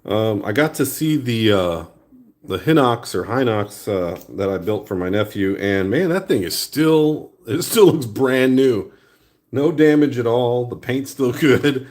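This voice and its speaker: Recording on a new phone, a man with a mid-range voice and measured pace chats through an art vlog while sculpting a small creature. His talk is relaxed and rambling, the easy flow of someone working with his hands.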